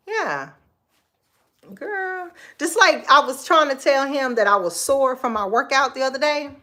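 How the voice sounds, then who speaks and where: A woman in her forties chatting casually on a livestream from her kitchen, sassy and expressive, laughing often and giving advice to viewers she calls girl and baby. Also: high-pitched, unhurried. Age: 40s. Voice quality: expressive, laughs often, Southern Black American vernacular turns. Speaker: livestream host. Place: home kitchen.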